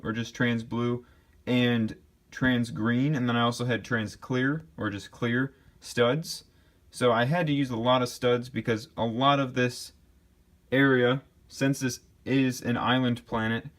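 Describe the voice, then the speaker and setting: A young man walks viewers through his LEGO build in a loose show-and-tell style. He rambles a bit, dropping fillers and correcting himself along the way. His voice sits at an average pitch for a man. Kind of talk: casual show-and-tell narration.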